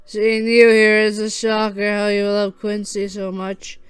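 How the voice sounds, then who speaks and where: A reader voicing a sly, smiling male leprechaun with a mellow Scottish accent in a fan audio story. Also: medium pitch, monotone, smooth, no room sound, natural voice. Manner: slow, mumbling.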